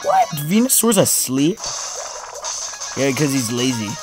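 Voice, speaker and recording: Slow-talking gamer, teasing and excitable, game music blaring behind. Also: mid-range voice. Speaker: gameplay commentator. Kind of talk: casual gameplay banter.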